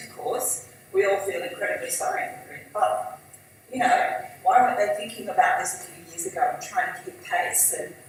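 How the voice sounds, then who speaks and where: A woman giving a conversational conference talk as an industry chief executive; she is losing her voice and keeps clearing her throat. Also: medium pitch, fairly bright tone, heavy reverb, recorded from a distance, rough recording. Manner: conversational, fillers and asides. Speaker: industry body chief executive, guest speaker.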